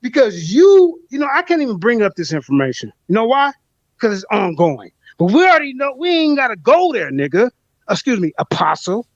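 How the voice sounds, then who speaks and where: A blunt man moderates an online panel argument, his pitch leaping up and down as he swears and repeats his points. His voice is dry and close, with no room around it. The audio is dull and lo-fi. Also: big pitch swings, a little fast, dry recording. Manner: blunt, profane, repeats himself.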